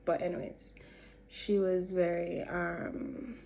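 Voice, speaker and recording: This beauty vlogger, a young Jamaican woman, speaks slowly in a low, warm, gravelly voice with little pitch movement. She rambles chattily through a story while applying her makeup, laughing between sentences, over slight background noise.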